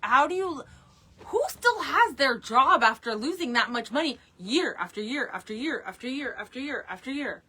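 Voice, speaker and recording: A woman's voice: sits high, lively intonation, normal speed, sharp tone, slightly rough. A woman co-hosting a casual podcast, reacting with blunt, joking comments. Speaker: podcast co-host.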